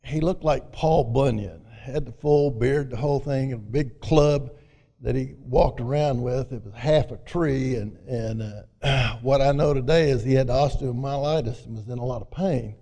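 Gravelly Southern man telling his story. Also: mid-range voice, moderate pace, warm tone. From Arkansas, USA. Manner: folksy storyteller, many "you know" fillers. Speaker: speaker sharing his recovery story. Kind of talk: personal testimony talk. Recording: echoey hall, mic at a distance.

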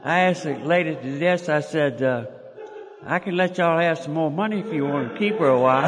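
A man's voice: fairly high pitch, normal speed. An older man, telling a personal story in a folksy way, chuckling and restarting as he goes. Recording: long hall reverb.

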